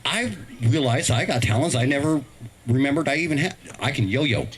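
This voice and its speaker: Middle-aged male comic, lively pitch, spins family stories with put-on voices, faint hiss behind. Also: moderate pace, poor audio. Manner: animated storytelling, acts out voices. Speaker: stand-up comedian. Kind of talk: stand-up set on a live stream.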